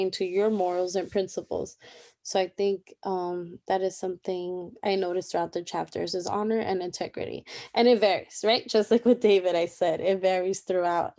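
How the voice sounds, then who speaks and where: A woman's voice: mid-range voice, warm tone. A young woman casually talking through a daily Bible reading, informal and chatty with many asides. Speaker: Bible reading plan presenter. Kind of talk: casual Bible study commentary.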